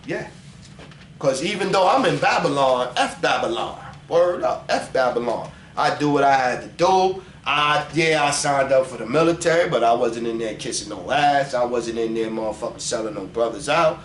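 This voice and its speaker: A man speaking in a casual religious vlog. His talk is animated and profane, and he reads scripture slowly. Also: medium pitch. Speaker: vlogger preaching scripture. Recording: roomy echo with faint ambient noise.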